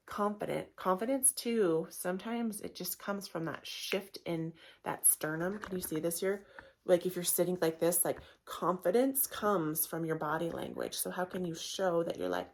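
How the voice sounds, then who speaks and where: A woman's voice: lowish voice, slight background noise. A middle-aged woman hosting her own yoga podcast, talking straight to her listeners in a casual, gushing and encouraging way. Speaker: yoga teacher and podcast host. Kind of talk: casual motivational podcast monologue.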